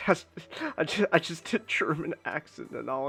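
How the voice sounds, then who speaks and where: A man's voice: on the high side, lively intonation, a little slow, vocal fry, fairly bright tone, slightly rough, faint music behind. A man streaming casually while drawing, rambling with lots of restarts and swearing.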